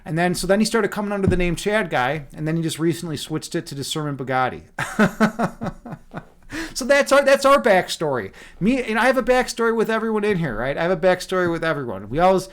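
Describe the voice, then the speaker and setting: A man's voice: high-pitched, very animated, brisk. A man hosting a livestream, chatting casually with his viewers in a loose, playful, rambling way with lots of fillers. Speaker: livestream host reading chat.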